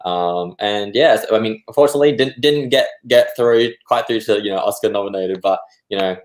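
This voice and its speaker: A young man from Australia speaks in a very low voice. He answers modestly and haltingly, with frequent fillers, as a guest on a video call. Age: young adult. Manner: modest, hesitant, many fillers. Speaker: filmmaker guest. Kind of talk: casual interview answers.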